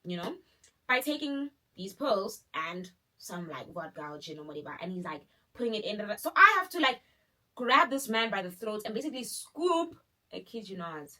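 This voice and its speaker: Bright-voiced young woman. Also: mid-range voice, moderate pace. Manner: animated, dramatic retelling with many fillers. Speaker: vlogger. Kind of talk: casual storytime.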